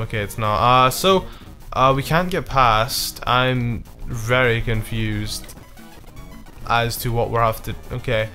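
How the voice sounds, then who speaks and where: A man's voice: medium pitch, sharp tone. A man commenting casually on his own gameplay, rambling, swearing often, and frustrated but apologetic. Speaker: let's play gamer.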